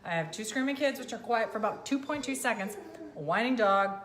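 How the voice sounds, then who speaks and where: A woman's voice: a little high, expressive, fairly quick. A middle-aged woman, chatting on a home live stream in a frazzled, self-mocking way. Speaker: vlogger hosting a live stream. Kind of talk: casual live-stream chat. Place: home kitchen. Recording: echoey home room with clear background noise.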